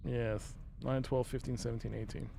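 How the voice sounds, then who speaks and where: A man's voice: medium pitch, little pitch movement, normal speed, creaky, warm tone, slight background noise. A man streaming a puzzle game live, thinking aloud in a rambling, self-mocking way and chatting with viewers. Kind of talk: casual live-stream commentary.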